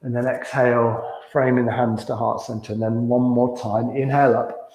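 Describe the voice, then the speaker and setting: A man teaching a gentle beginners yoga class, calmly cueing breaths and movements and chuckling now and then. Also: mid-range voice, moderate pace, slight background noise. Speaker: yoga instructor. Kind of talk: guided yoga class instruction. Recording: echoey room.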